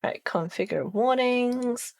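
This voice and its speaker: A woman's voice: a little high, takes it slowly, creaky, darkish tone. A woman streamer chatting casually with her viewers, playful and giggling often between phrases. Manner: playful, chatty, reads chat aloud.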